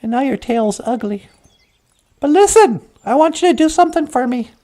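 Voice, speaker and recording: A woman's voice: high-pitched, animated, normal speed, warm tone. Woman as a firm, wise creator spirit. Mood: stern. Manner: firm, instructive.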